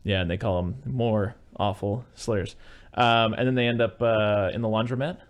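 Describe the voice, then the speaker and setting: A man co-hosting a podcast, chatting casually about movies and retelling scenes in an animated way. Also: lowish voice, moderate pace. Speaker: podcast co-host.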